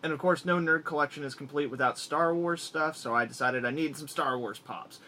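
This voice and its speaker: A man's voice: on the high side, brisk, sharp tone, a little hiss or hum. A man in a casual vlog, enthusiastically rambling as he rattles off items from his collection one after another.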